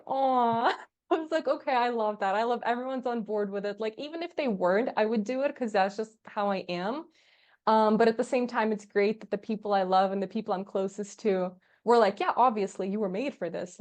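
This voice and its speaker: A young woman, a podcast guest, chatting casually and telling lively stories, acting out the dialogue and laughing often. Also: a little high, brisk. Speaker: podcast guest, agency founder. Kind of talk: casual interview chat.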